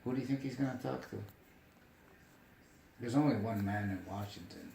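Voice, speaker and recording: A man's voice: medium pitch, moderate pace, gravelly, a little hiss or hum. Emphatic storytelling man in an echoey room. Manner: animated, emphatic, asks "you get me?". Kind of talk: casual storytelling chat.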